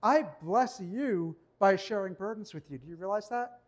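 A man with a high-pitched voice preaching a sermon in a church. He keeps it conversational and personal, and he slows his pace when reading Bible verses aloud. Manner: conversational preaching, reads scripture slowly. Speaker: pastor.

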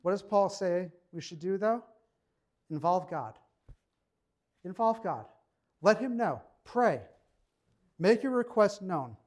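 A young man preaching a sermon in a relaxed, conversational way, slowing down when he reads scripture. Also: high voice. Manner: conversational preaching, slows to read scripture aloud. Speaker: pastor.

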